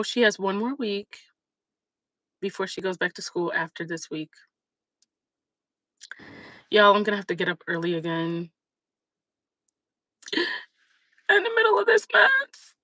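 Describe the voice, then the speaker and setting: Bright, chatty woman telling a story. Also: mid-range voice, dry recording, poor audio. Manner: chatty, animated, many fillers. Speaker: livestream host. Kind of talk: casual storytelling chat.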